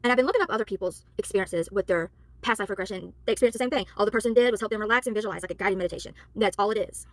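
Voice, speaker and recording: Exhausted and exasperated, a tarot reader and spiritual worker vents to the camera in a heated rant, then says sorry for yelling. She talks at a racing pace in a medium pitch, with no room sound.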